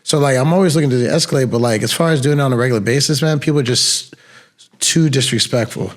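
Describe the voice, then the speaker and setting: A man's voice: mid-range voice, fast talker. A young man co-hosting a podcast, telling laid-back, slangy stories from his security work. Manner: laid-back, slangy storytelling with bursts of laughter. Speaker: podcast co-host, former bouncer. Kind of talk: casual storytelling chat.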